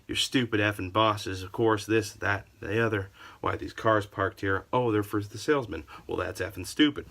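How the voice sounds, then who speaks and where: A man's voice: on the low side, moderate pace, gravelly, hardly any pauses, fairly bright tone, slight background noise. A man voicing an angry adult male cowboy customer who grumbles and curses in a storytime retelling. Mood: irritated. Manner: grumbling, cursing.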